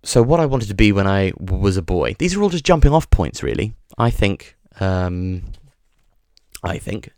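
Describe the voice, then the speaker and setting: A man's voice: low voice, sing-song, moderate pace, darkish tone, no echo, studio quality. A man hosting a podcast, talking in a rambling comic monologue, full of restarts and swearing. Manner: digressive, sweary, stumbling restarts. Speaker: podcast host.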